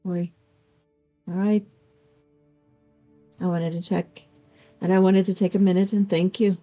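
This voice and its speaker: A woman's voice: lowish voice, flat delivery, unhurried, warm tone, natural voice. A woman voicing a blunt but caring young woman who braids a friend's hair, speaking brusquely with a tender streak. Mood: earnest. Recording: dull lo-fi recording with faint music.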